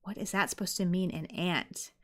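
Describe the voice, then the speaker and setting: Chatty woman, low voice. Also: normal speed. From United States. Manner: chatty, rambling, many fillers and restarts. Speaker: streamer. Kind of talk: casual live-stream chat reading viewer comments.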